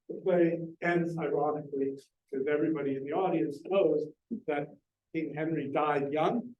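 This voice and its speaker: A man's voice: on the high side, darkish tone, lo-fi sound, slight background noise. A man giving a public lecture on literature in a library, explaining earnestly and putting questions to his audience. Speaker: lecturer on Shakespeare. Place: library meeting room. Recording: echoey room, distant mic.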